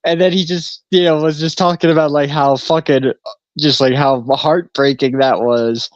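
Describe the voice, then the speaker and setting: A man's voice: on the high side, fairly even intonation, measured pace, no room sound, dull audio. Laid-back rambling male podcast co-host. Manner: rambling, laughing storyteller. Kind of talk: casual chat.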